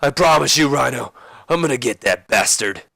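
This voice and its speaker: A man voicing a hot-tempered male wrestler who shouts and curses. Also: mid-range voice, lively intonation, moderate pace, creaky, dry recording, studio quality, voice pushed up, exaggerated voice. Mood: anguished. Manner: shouting, cursing.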